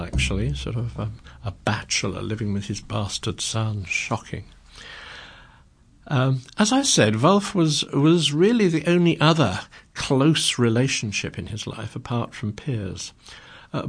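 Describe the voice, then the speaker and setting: A man hosting a community radio programme, talking casually and hesitantly with many ums and restarts as he introduces recordings. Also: mid-range voice. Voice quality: creaky, husky. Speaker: radio presenter.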